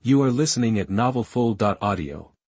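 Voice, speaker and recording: A man narrating a translated web novel as an audiobook, reading at a steady, even pace. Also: mid-range voice, a little fast, husky, dry recording.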